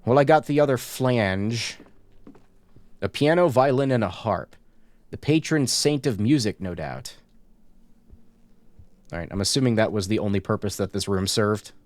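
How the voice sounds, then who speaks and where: A man's voice: on the low side, expressive, normal speed, pauses often, darkish tone, no echo. Dry-voiced man streaming a horror game. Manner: joking asides while reading game text aloud. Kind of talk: casual horror-game let's play.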